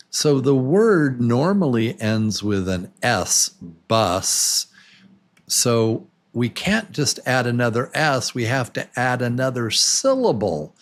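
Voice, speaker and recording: A man's voice: mid-range voice, lively intonation, slow, a bit bright. A man teaching a beginner English pronunciation lesson, patient and encouraging, repeating each word several times.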